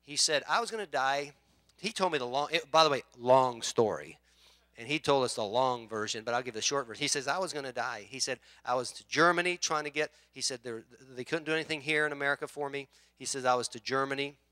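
A man preaching a sermon as pastor, telling a story with acted-out voices and swinging from quiet asides to loud shouts. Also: mid-range voice, quick pace, no echo.

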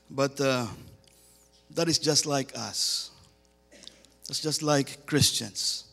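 A man's voice: fairly high pitch, fairly bright tone. A man preaching as a guest speaker, reading scripture and pressing home repeated emphatic questions in a sermon. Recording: long hall reverb.

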